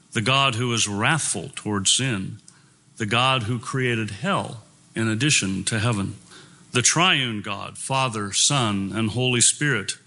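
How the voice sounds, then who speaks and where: A man's voice: medium pitch, pushed and bright. A man preaching a sermon, reading scripture aloud and speaking in an earnest, emphatic way.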